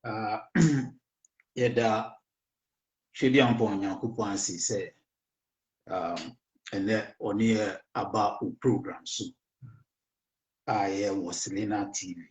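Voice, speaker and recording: A hoarse man with a Ghanaian accent hosting a talk show, speaking slowly and haltingly and often switching into English. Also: lowish voice, roomy sound, rough recording. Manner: slow, halting, mixes English into Twi. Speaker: radio show host. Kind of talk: casual political talk.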